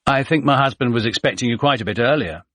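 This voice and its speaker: A man's voice: medium pitch, quick pace, a bit bright, no echo, voice pushed up, natural voice. A man voicing a posh English woman in her forties at her front door. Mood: brisk, impatient. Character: middle-aged posh English woman, irritated then alarmed.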